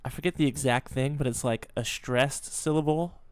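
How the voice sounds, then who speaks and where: A young man in his twenties talks through a reaction video in a smooth, clear voice. He chats casually, pausing to explain lines and crack jokes, close to the mic with a dry sound. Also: medium pitch, no room sound. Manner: chatty, stops to explain and joke.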